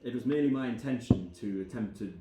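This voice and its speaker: A man voicing a formal, well-spoken male scholar with a Scottish accent, in a measured, long-winded way. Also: mid-range voice, heavy background noise, pitched above the performer's own voice, lightly acted. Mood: earnest. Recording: roomy sound with background music.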